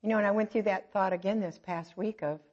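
This is a dull, lo-fi recording of a middle-aged woman delivering a conversational church sermon, with a long echo from a big hall. Her voice is ordinary in pitch, darkish and fairly even in intonation, and she mocks herself cheerfully, telling stories and tossing in quick asides.

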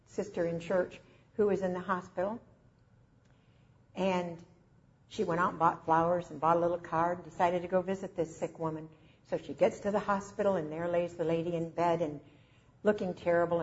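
A woman preacher delivering a sermon in an emotive, slow and emphatic way, recorded with dull lo-fi sound. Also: lowish voice, darkish tone.

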